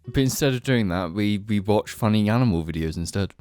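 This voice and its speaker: A man's voice: on the low side, expressive, brisk, a little mellow, smooth, faint music behind. A man co-hosting a podcast in casual chat, blunt and joking. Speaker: podcast co-host.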